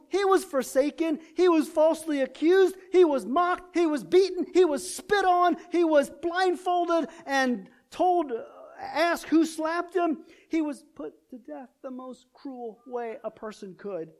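A man's voice: very high voice, darkish tone. A male preacher delivers his sermon in an impassioned voice, piling up rhetorical questions. He takes his time and leans hard on each phrase.

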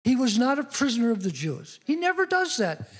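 A man's voice: very high voice, very animated, fairly quick, breathy edge. A middle-aged man preaching a sermon, telling personal stories in an earnest way that rises to emphatic declarations.

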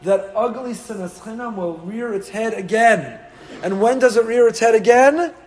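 A rabbi preaches a Torah sermon, pressing his points with rhetorical questions and lifting his voice when he feels strongly. His voice sits fairly high for a man. It has a husky, slightly breathy edge. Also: normal speed, a little mellow. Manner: emphatic, rhetorical questions, rising with feeling.

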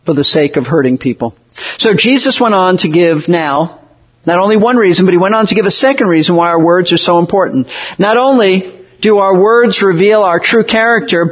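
Male pastor, earnest measured sermon delivery; raspy tenor, dull recording. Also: high voice. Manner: earnest, measured preaching with emphatic slowdowns.

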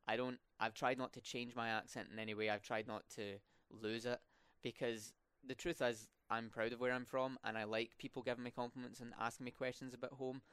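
Young man, Scottish accent, rolled R's, smooth voice, dry close sound, casual podcast chat. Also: mid-range voice, flat delivery, brisk, few pauses, a bit bright, dry recording. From Scotland. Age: young adult. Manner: rolled R's, many fillers and restarts. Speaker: student podcast host.

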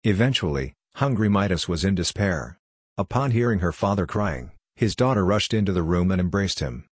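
A man's voice: deep voice, animated, moderate pace, husky, no room sound, clean studio sound. A man narrating a scripted storybook in a plain, lightly humorous way.

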